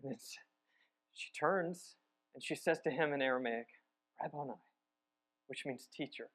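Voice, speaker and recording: A man teaching a sermon, telling the story with sudden swings from emphatic to hushed. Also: medium pitch, unhurried. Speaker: church teacher.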